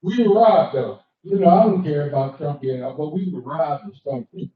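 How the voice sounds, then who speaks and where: An older man delivers a loud, profane stand-up set, slipping into the voices of people in his stories. His voice sits high for a man. The live recording is muffled and heard from a distance in a very echoey room. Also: a little fast. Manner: brash and profane, acting out other people in the story. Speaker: stand-up comedian. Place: cigar lounge, live show.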